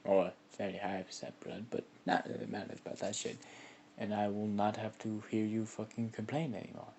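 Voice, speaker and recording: A man's voice: level tone, gravelly, darkish tone, a little hiss or hum. A man voicing a crude, stern beast god. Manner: slow, low-key scolding with curses.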